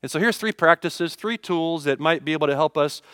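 A man preaching a sermon, asking rhetorical questions and acting out everyday complaints, animated one moment and hushed the next. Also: on the high side, a little fast, no echo, clean studio sound. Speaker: pastor.

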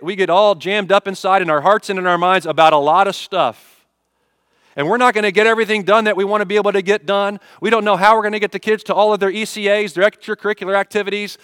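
A man preaching a sermon, asking rhetorical questions and acting out everyday complaints, animated one moment and hushed the next. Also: on the high side, no echo, studio quality. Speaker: pastor.

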